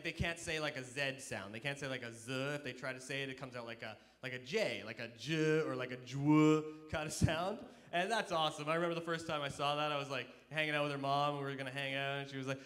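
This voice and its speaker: A man performing a stand-up comedy set on stage, telling self-deprecating stories and acting out quoted voices loudly. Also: on the high side, slight background noise. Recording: live stage in a reverberant hall.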